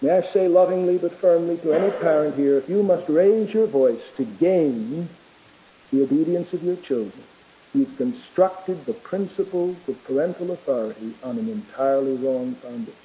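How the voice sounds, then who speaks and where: Male preacher, sermon delivery, emphatic swings from loud to soft; high mellow voice, muffled lo-fi recording. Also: normal speed, a little hiss or hum. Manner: reads quotations aloud. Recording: dull lo-fi recording.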